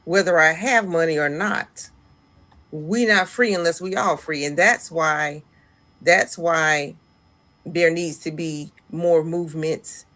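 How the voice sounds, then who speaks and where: A woman's voice: low-pitched, slow, fairly bright tone. A woman in an online clip speaking insistently, lecturing her listeners. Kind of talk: online video commentary.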